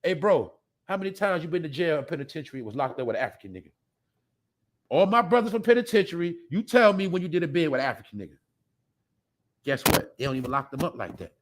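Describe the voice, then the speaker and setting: Here a podcast host with a somewhat high voice talks quickly, his pitch swinging widely. Hosting a live stream, he rants in a rambling, foul-mouthed, blunt way and laughs a lot.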